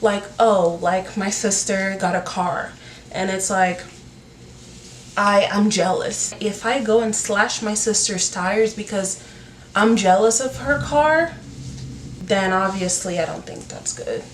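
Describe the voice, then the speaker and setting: Slow, earnest woman talking from a distance. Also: medium pitch. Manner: earnest, many filler "like"s. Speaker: YouTube talk host. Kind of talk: casual advice talk while doing her hair. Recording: roomy, from a distance, faint noise.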